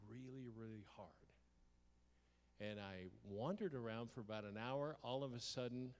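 A man preaching, telling a story from his own life in a lively way, acting out his shouts and the lines of dialogue. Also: mid-range voice. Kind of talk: storytelling sermon. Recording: long hall reverb.

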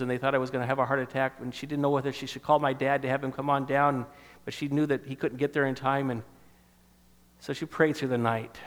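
A man in his fifties telling a personal testimony in sermon style, emotional and storytelling, dropping softer at tender moments. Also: medium pitch, long reverb tail. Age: 50s. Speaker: speaker giving a testimony.

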